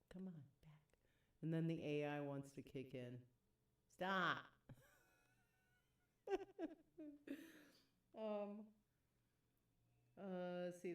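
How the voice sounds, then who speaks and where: A woman's voice: on the low side, dark tone, echoey room, far from the mic. A woman chatting casually on a live stream, reading chat messages aloud and laughing often.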